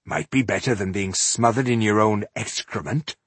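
A man voicing a cheerful male dwarf warrior who teases his friend, husky-voiced and easygoing. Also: lowish voice, normal speed, dry recording. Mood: teasing. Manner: jovial, mocking, easygoing.

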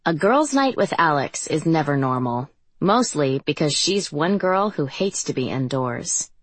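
A woman narrating a first-person audiobook in an even, reflective reading voice. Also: low voice, a little slow, breathy edge, dry recording.

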